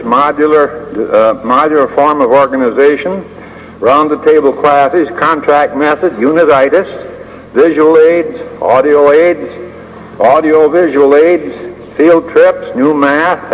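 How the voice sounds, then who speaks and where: An older man giving a prepared speech as a school administrator, measured and dryly humorous, pausing often with uh. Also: on the high side, muffled recording. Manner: measured, with dry humor and frequent uh pauses. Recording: long hall reverb with faint hiss.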